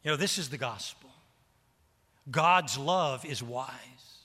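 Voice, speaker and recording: A man preaching a sermon in a church, animated and voicing the characters' words, repeating phrases for emphasis. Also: medium pitch, slow. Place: church sanctuary. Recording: long reverb of a large hall.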